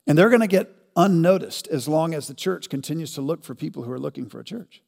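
A man preaching a sermon as pastor, asking rhetorical questions and building to loud, emphatic peaks. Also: fairly high pitch, animated, quick pace, creaky, big-room sound.

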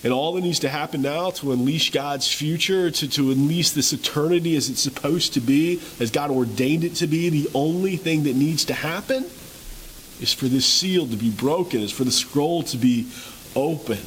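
Man, pastor, sermon, dramatic storytelling, rhetorical questions, higher voice, faint hiss. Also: normal speed, rough recording.

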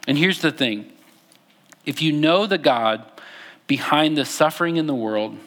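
A man's voice: mid-range voice, fairly bright tone. A young man preaching a conversational sermon, with frequent fillers and restarts as he reads scripture aloud. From Texas. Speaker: pastor.

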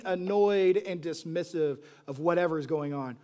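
A man preaching a sermon, moving between hushed, soft lines and loud, animated bursts, and acting out pleading voices. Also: a little high, normal speed, few pauses. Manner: acts out quoted voices with pleading repetition. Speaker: pastor.

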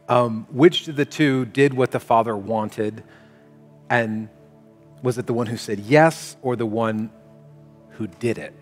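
A man preaching a sermon as pastor, talking in a conversational, animated way. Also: mid-range voice, slow, long pauses. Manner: conversational, animated, shifts into quoted voices. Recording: long hall reverb, faint music.

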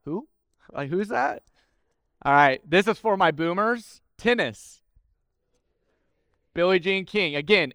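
A man's voice: a little high, a bit bright, clear, resonant tone, dry recording, studio quality. A man preaching a sermon, starting with a playful chat and building to emphatic, repeated points. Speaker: pastor.

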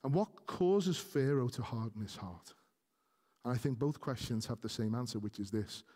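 A man's voice: medium pitch, animated, normal speed, dark tone, breathy edge, in a large hall. A man preaching a sermon earnestly, speaking directly to his congregation and rising to emphatic peaks.

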